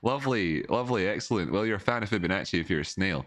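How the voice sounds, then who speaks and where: A man's voice: low-pitched, expressive, quick pace, hardly any pauses, a bit bright, no room sound, studio quality. A man, rambling through casual live-stream chart analysis from home, repeating words and chatting with viewers. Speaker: livestream market analyst.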